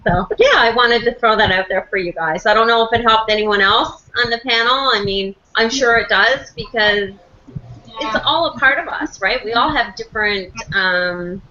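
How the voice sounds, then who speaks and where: A woman's voice: on the high side, moderate pace, sharp tone. A woman speaking on a casual group call, chatty and rambling, with many fillers. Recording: dull call audio with faint noise.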